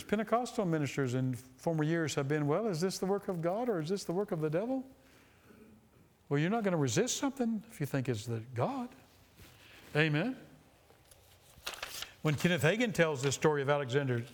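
Man, preacher, sermon, impassioned reading, slows for emphasis, slightly high voice. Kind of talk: sermon reading a story aloud.

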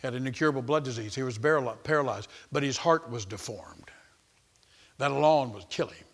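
A man's voice: mid-range voice, brisk. A man preaching a sermon, emphatic and repetitive, calling out to the congregation.

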